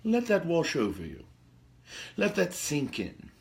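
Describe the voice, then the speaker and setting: A man's voice: a little high, huge pitch swings, a little slow, gravelly, exaggerated voice. A man playing a pompous, theatrical aristocratic male vampire lord who hosts a talk show, with grandiloquent speech and gossipy asides. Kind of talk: in-character role-play talk show.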